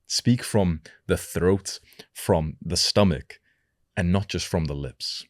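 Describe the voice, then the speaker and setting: A young man giving a self-improvement lesson to camera, speaking slowly and deliberately and letting his pitch fall at the ends of sentences. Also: no room sound, studio quality. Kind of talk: instructional talk to camera.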